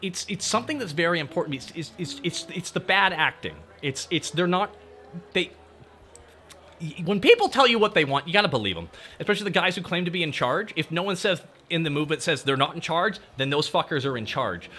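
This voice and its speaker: A man's voice: fairly high pitch, animated, a little fast, pushed and bright. A man streaming live, chatting straight to his viewers and ranting with a lot of swearing over faint background music. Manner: ranting, profane, talks straight to chat. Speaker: VTuber streamer. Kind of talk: casual livestream chat.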